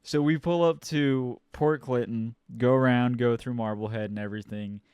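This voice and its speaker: Clear-voiced young man telling a story. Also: mid-range voice, moderate pace, dry recording. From Ohio. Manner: swears a lot, animated and exasperated. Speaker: podcast co-host. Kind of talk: casual storytelling.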